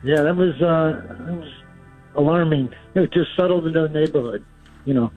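A man's voice: on the high side, normal speed, soft background music. Easygoing man on a tinny phone line. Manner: easygoing, laughs often. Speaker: caller. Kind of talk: casual radio call-in chat.

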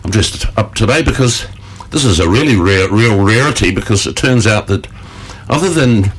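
A man's voice: lowish voice, animated, moderate pace, slightly rough. A man, hosting a casual radio chat, chatty and joking, laughing often. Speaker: radio host.

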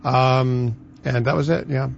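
A male radio host who chimes in with dry, teasing one-liners. His voice sits at a middle pitch. The sound is dull, with faint noise behind him. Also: steady tone, unhurried, creaky. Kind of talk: casual chat.

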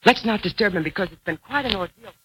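A woman's voice: mid-range voice, expressive, fast, a bit bright. A woman acting a sweet, coaxing wife in a 1940s radio comedy. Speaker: sitcom wife. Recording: noisy old radio broadcast.

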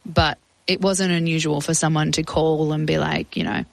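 A woman's voice: sits low, lively intonation, moderate pace, creaky, no echo, poor audio. A young woman recounting her past as an interview guest, chatty and acting out quoted voices. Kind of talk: casual storytelling.

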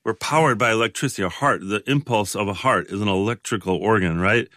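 A man in his sixties, a guest in a conversation, talking in a halting, reflective way with many restarts. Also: on the low side, pushed and bright, dry recording, clean studio sound. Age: 60s. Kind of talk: casual conversation.

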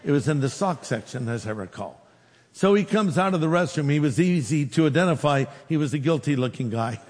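A man's voice: fairly high pitch, a little fast. Man preaching in a reverberant hall. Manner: storytelling with lively quoted dialogue. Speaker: pastor. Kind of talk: sermon.

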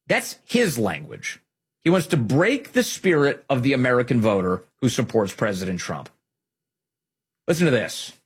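A man's voice: medium pitch, sing-song, a little slow, breathy edge. A man hosting an opinionated political commentary show, speaking emphatically and repeating key phrases for effect.

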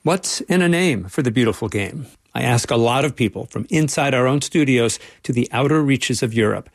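Male radio correspondent, gravelly, wry and playful, dry studio sound. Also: medium pitch, animated, normal speed, no room sound. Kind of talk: radio feature narration.

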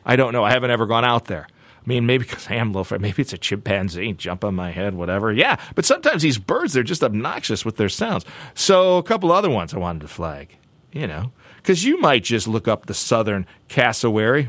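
A man hosting a show segment, joking playfully and talking in a loose, animated way with many restarts and asides. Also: medium pitch, fairly quick, dry recording. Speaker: show host.

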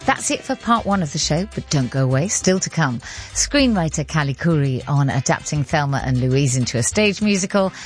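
A woman hosting a radio arts show, presenting and chatting in a brisk, lightly wry manner. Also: deep voice, lively intonation, soft background music. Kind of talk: broadcast radio presenting and chat.

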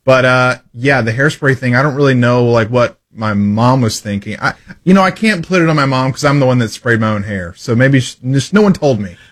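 A man's voice: mid-range voice, fairly quick, hardly any pauses. A young man in his twenties chatting casually on a radio show, easygoing and brief. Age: 20s. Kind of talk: casual chat.

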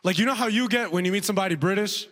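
A man doing a stand-up comedy routine, telling a story with quick impressions of the people in it. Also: high-pitched, fairly bright tone, big-room sound. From outside the United States.

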